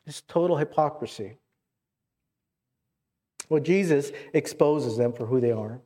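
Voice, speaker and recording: A man's voice: medium pitch, a little slow, dark tone. A man preaching a sermon, earnest, with repeated words and questions to the congregation. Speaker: pastor.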